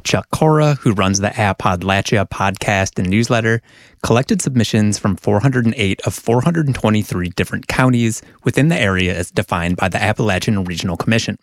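A man filing a scripted radio news report in measured reporter narration. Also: lowish voice, lively intonation, no room sound, clean studio sound.

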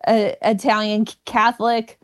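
A woman's voice: medium pitch, level tone, moderate pace. A woman comedian who stutters, talking candidly and with self-mocking humor in an interview. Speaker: comedian guest. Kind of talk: interview conversation.

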